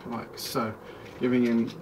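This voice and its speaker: A man talks through a toy review in a loose, chatty ramble, breaking off mid-thought and circling back. He is recorded from a distance at home, with clear background noise and plastic clicks under his voice. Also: medium pitch, level tone, takes it slowly. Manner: rambling, chatty, self-interrupting. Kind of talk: casual toy review vlog.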